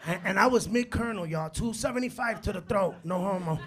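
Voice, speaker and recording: A man in his forties doing a stand-up comedy set on a club stage, telling animated stories, acting out quotes and working the crowd. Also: high voice, fairly quick, background noise. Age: 40s. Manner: animated storytelling, acts out quotes, works the crowd. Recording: live club recording with loud crowd laughter. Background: audience laughter.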